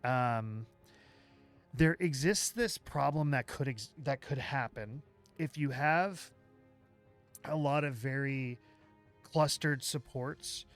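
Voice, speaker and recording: A man hosting a livestream, walking through software live while thinking aloud, with halting restarts, and chatting with viewers as he works. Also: mid-range voice, faint music behind. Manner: chats with viewers while working. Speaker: livestream host.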